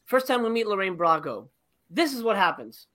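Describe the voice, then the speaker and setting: A woman's voice: medium pitch, sing-song, normal speed, a bit bright. A woman co-hosting a casual podcast, ranting about a movie's ending in an exasperated, profane way and mocking scenes in put-on voices. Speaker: podcast co-host reviewing a movie.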